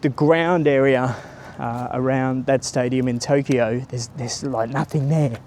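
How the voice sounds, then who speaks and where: A man's voice: mid-range voice, steady tone, measured pace, a little mellow, a little hiss or hum. Chatty man vlogging on a walk. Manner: chatty and rambling, greets passers-by. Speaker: travel vlogger. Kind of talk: casual walking tour vlog. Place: outdoors by a city stadium, walking.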